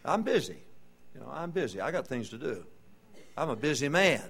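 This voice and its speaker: A man's voice: medium pitch, sing-song, fairly quick, fairly bright tone, breathy edge, pitched above the performer's own voice, heavily acted. A man preaching plays a self-absorbed busy man who brushes people off with repeated excuses. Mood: dismissive. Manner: dismissive, repetitive.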